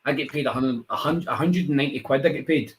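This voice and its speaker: Scottish guy, rambly animated storyteller, laughs a lot, does voices. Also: mid-range voice, quick pace, a little hiss or hum. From Scotland. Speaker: wrestler guest. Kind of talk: casual interview chat.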